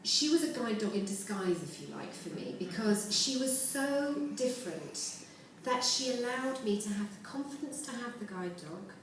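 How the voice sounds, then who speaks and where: A woman's voice: medium pitch, lively intonation, normal speed, hardly any pauses, a little hiss or hum. A woman giving an earnest, reflective personal speech as an award speaker. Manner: earnest, reflective, with warm laughter. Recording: echoey hall from far off.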